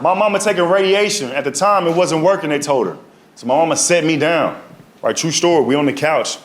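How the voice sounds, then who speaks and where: A man's voice: fairly high pitch, fairly quick. A man doing a stand-up set on stage with a handheld mic, telling stories in loose slang and tossing in tag questions. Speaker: stand-up comedian. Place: comedy stage before a live audience. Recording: live audience laughter.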